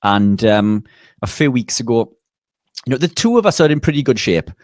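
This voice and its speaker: A man, a nutritionist and bodybuilder, telling a lively anecdote in a casual interview, often restarting his sentences. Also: mid-range voice, moderate pace, no echo, clean studio sound.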